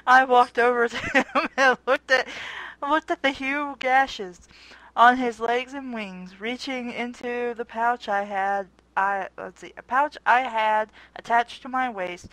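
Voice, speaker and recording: A woman's voice: a little high, measured pace, fairly bright tone, no echo. A woman doing a comedic reading of fanfiction aloud, with joking asides. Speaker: fanfiction reader.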